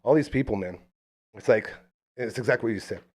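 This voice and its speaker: A man's voice: on the low side, fairly quick, slightly rough. A man hosting a casual talk podcast, telling stories in a chatty way and reading sponsor plugs playfully. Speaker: podcast host. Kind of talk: casual chat.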